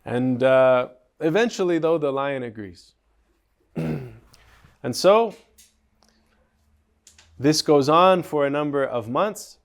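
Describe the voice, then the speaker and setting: A man teaching at a spiritual retreat, relaxed and conversational, often checking in with his listeners. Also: on the high side, slow, long pauses. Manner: relaxed, conversational, asks the group questions. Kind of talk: storytelling lesson on a classic poem.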